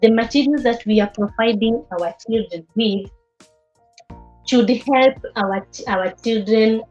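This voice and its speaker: A woman lectures a class on child development in a halting way, repeating words and restarting her sentences as she goes. The recording sounds a little dull and lo-fi. Faint music plays underneath. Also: a little high, darkish tone. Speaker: teacher of early childhood development.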